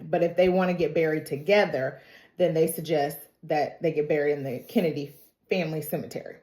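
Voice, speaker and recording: Woman, low voice, chatty emotional recap, stuffy from crying, roomy echo. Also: steady tone, a little fast, dark tone. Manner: emotional, chatty storytelling with dramatic asides. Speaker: TV recap reviewer. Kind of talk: casual recap vlog.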